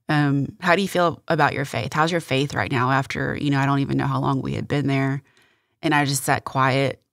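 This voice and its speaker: A middle-aged woman, a guest on a faith interview show, telling a personal story in a halting, earnest way with many restarts. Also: low voice, a bit bright, dry recording, studio quality.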